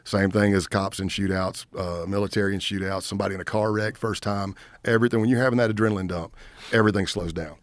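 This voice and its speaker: A man's voice: fairly low pitch, fast talker, no room sound. A middle-aged man, a retired agent, telling a story in a casual podcast interview and acting out the lines of the people in it. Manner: animated storyteller, acts out quotes. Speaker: guest, retired FBI agent.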